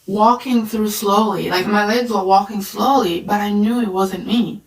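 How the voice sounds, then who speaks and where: A woman's voice: medium pitch, steady tone, moderate pace, reverberant, poor audio. A woman and spiritual reader telling a personal story in a casual, chatty way, often saying "like" and "right?". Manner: chatty, frequent "like" and "right?" fillers.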